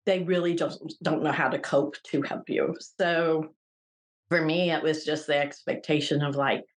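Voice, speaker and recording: Low-voiced woman hosting, halting. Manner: halting, searching for words with restarts. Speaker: podcast host and retreat volunteer. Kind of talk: casual interview chat.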